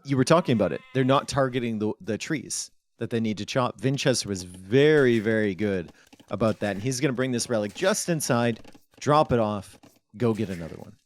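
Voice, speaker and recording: A man's voice: mid-range voice, a little fast. A man commentating on a strategy game match live, with playful, joking banter.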